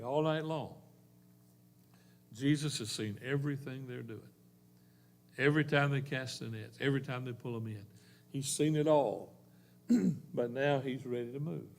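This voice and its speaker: A man preaches a sermon in a church. His delivery is earnest and homespun, full of country expressions, and his voice sits at an ordinary middle pitch. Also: vocal fry. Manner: folksy, earnest preaching with rural turns of phrase. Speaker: pastor.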